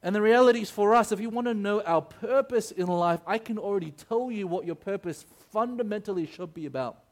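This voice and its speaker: A male preacher with a somewhat high voice who delivers his sermon like a chat. He keeps checking in with the crowd, and he stumbles and restarts as he tells his story. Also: fairly quick. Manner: many fillers and restarts when telling stories.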